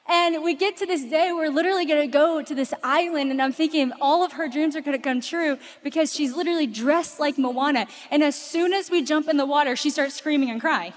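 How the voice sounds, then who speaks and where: A woman delivers a passionate sermon, her high voice carrying stories and then easing into soft, intense appeals. She is speaking to thousands in a vast arena, and a long reverb trails behind every phrase. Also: a little fast, hardly any pauses. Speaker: preacher. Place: large arena before thousands.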